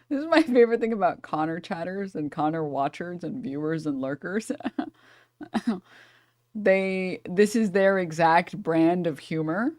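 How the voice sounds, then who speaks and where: A woman's voice: fairly low pitch, animated, unhurried, darkish tone, no echo, clean studio sound. A woman streamer reacting to a clip, talking sarcastically and laughing often. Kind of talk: casual reaction commentary.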